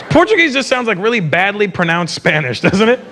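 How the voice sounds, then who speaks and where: A man doing live stand-up comedy on stage, teasing the audience in an animated way. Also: high voice, noisy background. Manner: animated, teasing crowd work.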